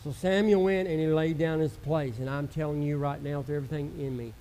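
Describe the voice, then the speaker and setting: A male pastor preaching a sermon with passion, swinging from loud outbursts to hushed, intimate murmurs and acting out the voices of doubters. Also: a little high, a little fast, hardly any pauses, slight background noise. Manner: acts out quoted voices of doubters.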